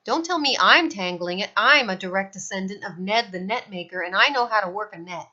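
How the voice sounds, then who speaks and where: A woman's voice: mid-range voice, normal speed, fairly bright tone, husky. A woman voicing a touchy, proud stout older man who answers back indignantly, in a slightly dull recording. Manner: indignant, boastful.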